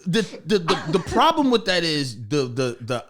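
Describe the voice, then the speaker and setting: A man's voice: a little high, big pitch swings, moderate pace, crowd noise. A man hosting a podcast, chatting casually and profanely with many restarts. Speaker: podcast host. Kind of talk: casual chat.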